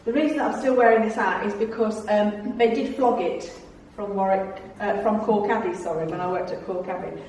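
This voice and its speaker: A woman's voice: medium pitch, fairly even intonation, brisk, few pauses, darkish tone, slight background noise. A middle-aged woman, giving a chatty, humorous talk to a club audience about her years as a tour guide, telling anecdotes with a theatrical flair and frequent laughter. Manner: chatty, theatrical storyteller who laughs often. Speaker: guest speaker, former tour guide. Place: club meeting room. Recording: very echoey room, voice far from mic.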